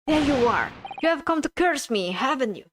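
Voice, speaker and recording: Woman putting on a melodramatic young man, high and lively. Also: moderate pace, noisy background. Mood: theatrical. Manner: melodramatic, alliterative outbursts. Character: paranoid theatrical young male student poet.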